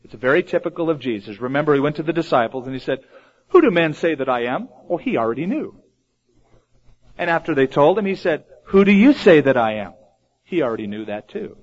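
A man delivering a sermon, his fairly high voice rising and falling a great deal as he acts out the lines he quotes. The recording is dull and lo-fi. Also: very animated, a little fast. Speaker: preacher.

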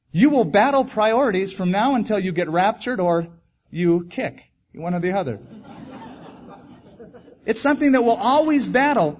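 A man's voice: high-pitched, lo-fi sound. A male pastor preaching a sermon in an earnest, emphatic way, repeating key phrases.

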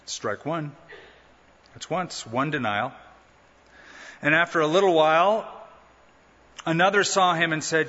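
A man delivers a sermon in a bright, slightly high voice and animates the quoted lines with rising pitch. The recording carries a long hall echo and sounds a bit muffled. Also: lively intonation, slow, pauses often. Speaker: pastor.

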